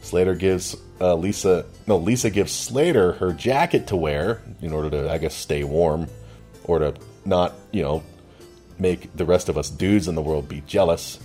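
A man's voice: low voice, normal speed, warm tone, soft background music. A man narrating a TV episode recap casually with chuckling, offhand asides.

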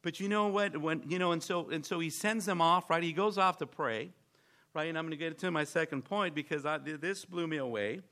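A man's voice: fairly high pitch, a little fast, sharp tone. A man preaching a sermon, emphatic, full of rhetorical questions and stammering restarts.

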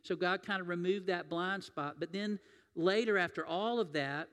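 A man's voice: high-pitched, moderate pace, fairly bright tone. A man preaching a sermon as pastor, telling folksy stories and acting out the voices in them. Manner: folksy storytelling, acts out quoted voices. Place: church sanctuary. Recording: long hall reverb.

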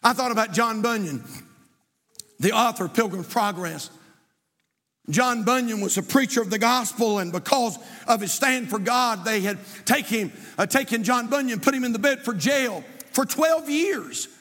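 A man preaching as a pastor, building to shouts and repeating his points. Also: very high-pitched, animated, normal speed, in a large hall. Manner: impassioned preaching, often shouting, with repetition. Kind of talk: sermon. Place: church sanctuary.

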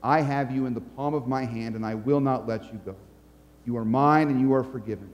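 Brief: a reassuring, loving male savior, spoken by a preacher, steady and gentle, reverberant space. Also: high-pitched, moderate pace, lo-fi sound. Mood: tender. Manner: gentle, assured.

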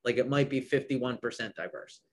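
A man's voice: mid-range voice, a little fast, a little hiss or hum. A man who owns a business, speaking as a podcast guest with enthusiasm and many trailing restarts. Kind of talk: casual podcast conversation.

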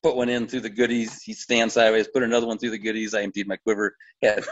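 A middle-aged American man telling a hunting story in a casual, animated and rambling way. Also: medium pitch, quick pace, highs cut off. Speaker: podcast guest, bowhunter.

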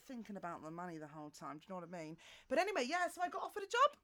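A woman's voice: mid-range voice, wildly swooping pitch, rapid-fire. A young woman from England co-hosting a podcast, telling giggly stories in casual chat. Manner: giggly storytelling with loud impressions. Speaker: podcast co-host.

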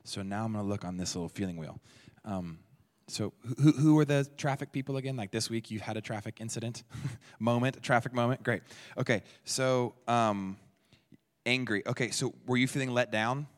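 A man's voice: mid-range voice, moderate pace. A man giving an interactive teaching talk at a church, speaking conversationally and repeating answers from the audience. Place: church hall. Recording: long hall reverb.

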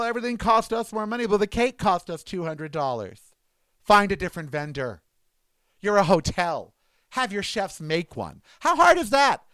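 Man near sixty, indignant sarcastic ranter, high resonant voice, dry close sound. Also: a bit bright, clear, resonant tone, no room sound. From United States. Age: 50s. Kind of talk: ranting monologue.

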